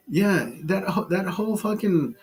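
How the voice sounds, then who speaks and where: A fifty-year-old man talks straight to the camera in a blunt, profane rant. His voice is husky and a little high for a man. He trips over words and repeats himself as he pushes his point. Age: 50s. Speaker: vlogger. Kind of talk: casual ranting monologue.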